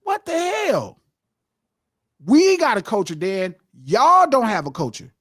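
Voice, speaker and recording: A man's voice: very high-pitched, huge pitch swings, slow pace, a bit bright, dry recording, studio quality. A middle-aged man hosting a live podcast, lecturing in a heated, profane, impassioned rant. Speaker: podcast host.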